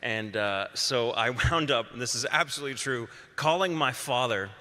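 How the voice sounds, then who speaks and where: A man's voice: mid-range voice, moderate pace, sharp tone, in a large hall. A voice actor from Texas telling a candid, chatty story on a panel and laughing as he talks.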